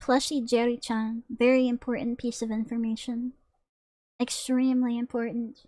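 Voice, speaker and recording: High-voiced playful woman streamer. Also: flat delivery, normal speed, dark tone, dry recording, clean studio sound. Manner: playful, chatty reactions to viewers. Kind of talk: casual live-stream chat. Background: background music.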